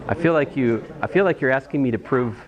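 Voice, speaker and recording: A man's voice: mid-range voice, fast, muffled recording, a crowd in the background. Rambling joking male math lecturer. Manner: casual, rambling, stammers on restarts, jokey asides. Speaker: math instructor. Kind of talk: classroom lecture. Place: college classroom.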